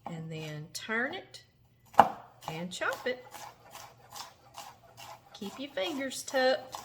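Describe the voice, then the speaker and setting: A slightly high, sing-song voice with drawn-out words belongs to a Louisiana woman hosting a home cooking show. Folksy and chatty, she talks to the vegetables while demonstrating knife work, with chopping and kitchen noise behind.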